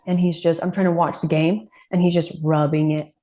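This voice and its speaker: Low-voiced woman co-hosting a chat podcast. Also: fairly quick. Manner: animated storytelling, acting out quoted voices and laughing. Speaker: podcast co-host. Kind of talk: casual chat.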